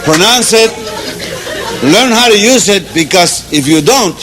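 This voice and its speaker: A man from Cuba with a Cuban accent gives a playful, mock Spanish lesson, chuckling and drilling slow repetitions. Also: high-pitched, lively intonation, a crowd in the background. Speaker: teacher. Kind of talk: comic mock language lesson. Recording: loud background noise.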